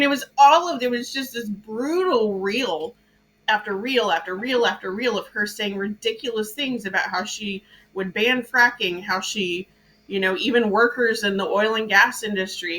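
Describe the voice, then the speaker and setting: A woman from Louisiana hosting a podcast, chatting about politics in an animated way and laughing at her own jokes. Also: fairly high pitch, rough recording. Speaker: podcast host. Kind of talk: casual political chat.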